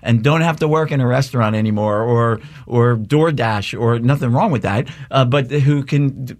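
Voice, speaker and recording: A man's voice: mid-range voice, normal speed. A man co-hosting a radio pledge drive, talking earnestly and rambling a little with many fillers. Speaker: radio host. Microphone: studio microphone.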